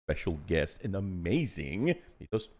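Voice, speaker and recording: Goofy Southern American co-host, very animated. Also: male voice, deep voice, a little slow. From Southern United States. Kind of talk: livestream chat.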